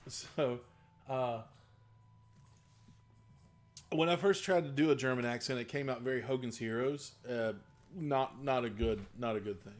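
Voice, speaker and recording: A man's voice: medium pitch, normal speed. Chatty man game master. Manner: rambling and enthusiastic, laughs often. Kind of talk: casual live-stream chat.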